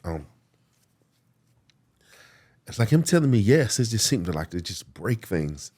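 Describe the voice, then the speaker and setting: Deep-voiced man in his forties, earnest storyteller with lots of fillers, on the verge of tears. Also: very animated, a little mellow, breathy edge. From United States. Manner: earnest, halting, many fillers and restarts. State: emotional, near tears. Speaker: guest. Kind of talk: emotional personal storytelling.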